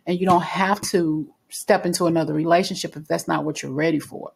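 A woman's voice: low voice, steady tone, a little fast, gravelly, slightly rough. A woman giving a casual spoken tarot reading in a chatty, reassuring way, with frequent fillers and restarts. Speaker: tarot reader.

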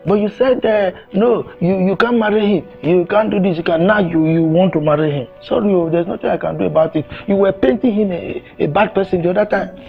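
Casting: a weary family elder, high animated voice, soft score underneath. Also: male voice, fairly quick, gravelly, few pauses, phone-quality sound, faint music behind. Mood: reasoning. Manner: weary, reasoning. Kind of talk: film drama acting.

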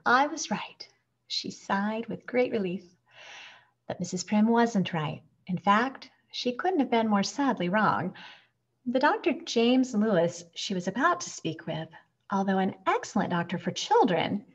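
A woman reading a children's picture book aloud with expressive, animated storytelling, on a dull recording. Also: mid-range voice, normal speed, husky. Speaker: storybook reader.

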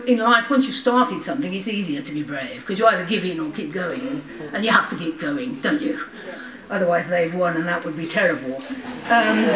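A woman's voice: medium pitch, fairly bright tone, slight background noise. Older woman telling stories in an echoey hall. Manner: conversational storytelling with frequent ums and wry asides. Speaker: lecture speaker, former member of parliament. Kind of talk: personal anecdotal lecture. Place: lecture hall before an audience. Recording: roomy hall, voice from far off the mic.

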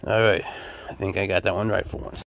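A laid-back man keeping snakes, chatting casually to the camera and talking softly and coaxingly to his animals. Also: low-pitched, flat delivery, fairly quick, gravelly, a little hiss or hum. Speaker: snake keeper.

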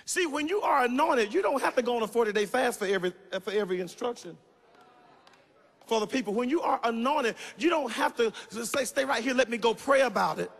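A man preaching in a church sanctuary, his very high voice gravelly and husky as he shouts and sings out his lines. He calls on the congregation to answer him, and his voice rings through a long hall reverb. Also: expressive, brisk. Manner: emphatic, rising into shouted sing-song cadences; calls for audience responses. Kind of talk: sermon.

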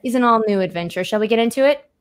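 A woman runs a tabletop horror game, narrating scenes in a loose, chatty way full of fillers. Her voice sits slightly high. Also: racing, clean tone. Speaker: game master.

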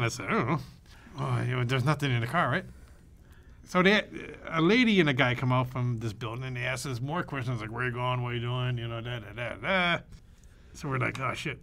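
A medium-pitched man co-hosting a podcast tells a story in casual, animated chat. He swears freely and acts out the voices of the people he quotes.

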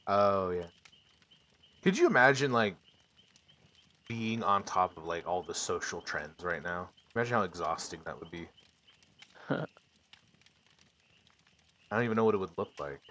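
A playful man with a lowish voice chats casually while streaming a game. His pitch swings widely as he riffs and jokes, and faint hiss sits under the mic. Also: expressive, normal speed, pauses often, sharp tone. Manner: joking, riffs with silly made-up names. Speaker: streamer playing a horror game. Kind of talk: casual gaming chat.

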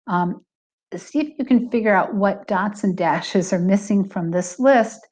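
A middle-aged woman speaks at a middle pitch as she narrates a recorded lesson. She explains patiently and clearly, slowing to stress each example. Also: a little mellow. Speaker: Hebrew teacher.

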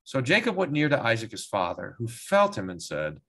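Animated pastor teaching a Bible class. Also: male voice, mid-range voice, moderate pace. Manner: animated, acts out quoted lines with voices, chuckles; restarts and repeats words while thinking aloud. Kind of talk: Bible study lecture, reading aloud and commenting.

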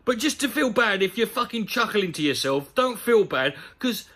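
A man delivers a profane, sarcastic comedy rant. His voice sits high and swings widely up and down. He keeps an animated, mocking edge throughout. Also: normal speed. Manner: sweary, sarcastic, animated ranting. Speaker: comedy commentator. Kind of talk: ranting comedic commentary on a news story.

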